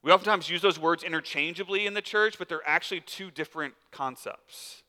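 Casual male pastor, bright and slightly high voice, conversational preaching, reverberant sanctuary. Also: fairly quick. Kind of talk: sermon.

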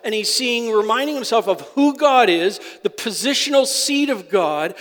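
A male pastor preaching a sermon. He moves between quiet, confiding asides and loud, emphatic declarations. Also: very high-pitched. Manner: impassioned, swings from soft asides to loud declarations. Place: church sanctuary. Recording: long hall reverb.

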